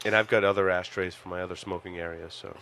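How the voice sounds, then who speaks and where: Low-voiced man co-hosting a podcast. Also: quick pace, a little hiss or hum. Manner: relaxed, rambling with fillers. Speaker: podcast co-host. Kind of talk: casual chat.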